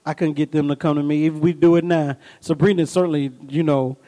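The sermon comes a little fast from a middle-aged male pastor with a high voice, captured on poor audio. He tells folksy stories, tosses in call-and-response asides, then breaks into animated bursts that climb higher, all in a lively, personal style directed at the congregation.

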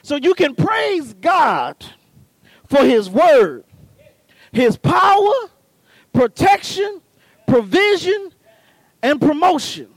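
A man preaching a sermon, building from calm teaching to fervent shouting, with a folksy, punchy way of talking straight to the congregation. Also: extremely high pitch, slow pace, pauses often, no echo.

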